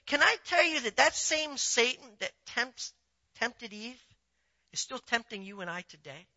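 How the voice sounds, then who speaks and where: A man preaching a sermon in a conversational, animated way, asking his listeners rhetorical questions. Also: extremely high pitch, unhurried. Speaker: pastor. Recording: dull lo-fi sound.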